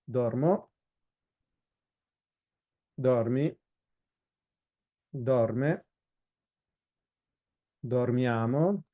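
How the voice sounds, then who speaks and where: A man teaching a recorded lesson, explaining verb forms slowly with frequent fillers and listing each form one by one. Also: mid-range voice, highs cut off. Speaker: Italian instructor. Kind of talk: recorded lecture.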